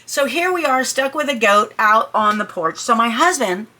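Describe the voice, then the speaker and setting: A middle-aged woman tells a personal story in a chatty, animated way, full of asides. Her voice sits a little high and rings bright and clear. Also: moderate pace. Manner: animated, jumps high and shouts when quoting her own panic. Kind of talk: personal anecdote told to listeners.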